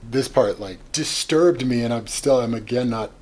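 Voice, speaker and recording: A man co-hosting a podcast, talking about a novel in an animated, rambling way full of fillers and restarts. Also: medium pitch, normal speed, rough recording. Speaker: podcast co-host. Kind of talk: casual book discussion.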